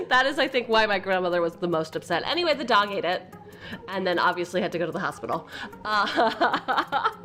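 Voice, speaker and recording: A young woman streams from home, chatting through family stories and laughing often as she goes. Her voice sits at an ordinary middle pitch. Faint game music plays under her talk. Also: very animated, normal speed, a bit bright. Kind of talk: casual storytelling during a live stream.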